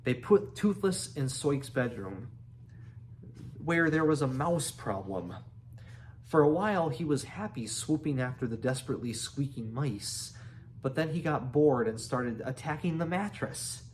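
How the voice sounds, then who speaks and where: A man reading a children's book aloud, unhurried, with restarts and small asides. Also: medium pitch, lively intonation, slight background noise. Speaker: reader.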